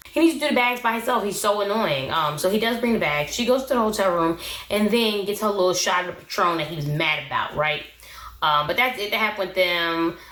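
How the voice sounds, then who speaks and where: A woman's voice: medium pitch, fairly bright tone. Sassy woman recapping a reality show. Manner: opinionated, sassy, talks back at the show. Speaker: recap vlogger. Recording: roomy echo.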